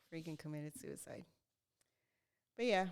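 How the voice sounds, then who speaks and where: A young woman co-hosts a casual podcast and tells a funny story with plenty of energy, slipping into quoted voices and laughing along. Her voice is smooth and clear and sits a little low for a woman. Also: takes it slowly. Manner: animated, laughing, acts out quotes. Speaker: podcast co-host.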